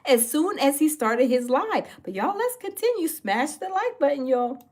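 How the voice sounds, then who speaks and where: A woman's voice: high-pitched, sing-song, normal speed, darkish tone. A woman hosting a live reaction stream, mocking the clip she plays and talking to her chat. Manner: mocking, talks to chat, exclaims. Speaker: commentary streamer.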